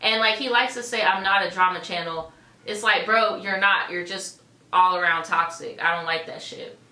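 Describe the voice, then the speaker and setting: A woman's voice: lowish voice, steady tone, normal speed, bright, forceful tone. A young adult woman co-hosting a casual podcast, talking bluntly and swearing freely. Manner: blunt, profane, mimics people in a breathy sympathetic voice. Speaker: podcast co-host. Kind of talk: casual chat. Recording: echoey room, faint background noise.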